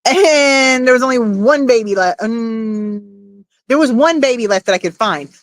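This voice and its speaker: A woman's voice: on the high side, expressive, unhurried, no room sound. A woman hosting a casual livestream, chatting and reading out viewer comments, laughing often and swearing casually. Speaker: livestream host.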